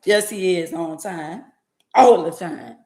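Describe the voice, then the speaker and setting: A woman's voice: on the low side, slow, warm tone, echoey room. A woman vlogger giving an emphatic, preachy faith-based motivational monologue with lots of repetition.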